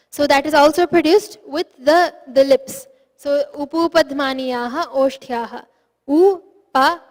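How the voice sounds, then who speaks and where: High-voiced woman teaching in a reverberant room. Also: a little mellow. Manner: patient and explanatory, demonstrates sounds aloud. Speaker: Sanskrit pronunciation teacher. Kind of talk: online lesson. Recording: long reverb.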